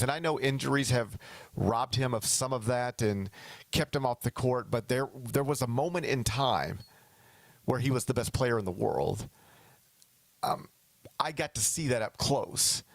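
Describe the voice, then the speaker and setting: A male sports talk host with a mid-range voice chats casually and with energy. He keeps slipping into mock quotes of other people. The sound is dry and close, with no room echo. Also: medium pitch.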